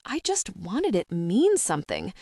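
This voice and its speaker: A woman's voice: on the low side, huge pitch swings, unhurried, gravelly, mellow, no echo, exaggerated voice. Haley, a hurt young woman fighting back tears, her voice rising and falling widely as she accuses him, read by a woman narrator. The reading sounds dry and close. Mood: tearful. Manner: tearful, accusing.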